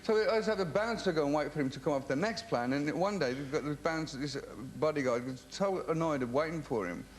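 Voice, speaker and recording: A man's voice: on the high side, fast, hardly any pauses, slight background noise. A man from England, a rock singer as a TV interview guest, telling rambling comic anecdotes full of stammered restarts.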